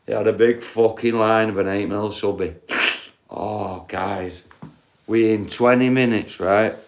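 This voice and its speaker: A man's voice: fairly low pitch, fairly even intonation, a little slow. Sweary Yorkshire man chatting on a livestream. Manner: rambling, sweary storytelling. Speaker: livestream host. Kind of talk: livestream chat with viewers.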